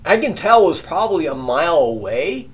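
A man casually telling a profane campfire story, animated and often laughing as he recounts it. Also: on the high side, fairly quick.

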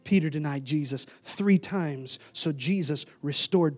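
Middle-aged male preacher, high voice, dynamic delivery from shouts to whispers, faint music bed. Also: a little slow. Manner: dynamic preaching, swinging from loud bursts to hushed near-whispers. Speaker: pastor. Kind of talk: sermon. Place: church sanctuary.

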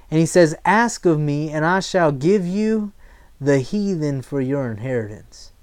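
A man preaching a sermon, reading scripture and acting out quick voices of the people he talks about. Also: a little high. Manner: animated preaching, acts out voices. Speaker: pastor.

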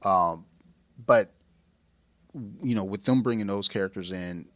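A man co-hosting a casual podcast chat, talking in a rambling, profane and excitable way. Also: on the low side, fast talker. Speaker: podcast co-host.

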